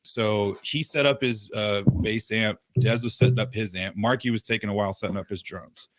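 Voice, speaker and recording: A man telling a long rambling story in casual podcast chat, swearing freely and dropping into quick impressions of the people he talks about. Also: lowish voice, no echo, clean studio sound. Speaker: podcast host.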